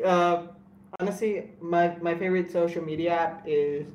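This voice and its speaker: A young man co-hosting a casual podcast chat, excitable and laughing a lot, often swearing. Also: a little high, moderate pace, muffled recording. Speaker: podcast co-host. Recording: echoey room with faint ambience.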